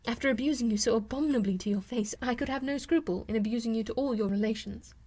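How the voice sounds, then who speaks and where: A witty young lady, voiced by a woman in an audiobook. She speaks in a lively, earnest way, frank and quick to own her faults. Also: a little high, natural voice. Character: spirited, witty young lady, warm and candid. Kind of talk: audiobook character reading.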